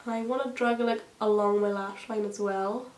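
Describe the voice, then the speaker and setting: A woman's voice: mid-range voice, fairly even intonation, fairly quick, darkish tone. A woman vlogging a chatty makeup tutorial, rambling with gossipy asides and plenty of fillers. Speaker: beauty vlogger. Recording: echoey room with faint hiss.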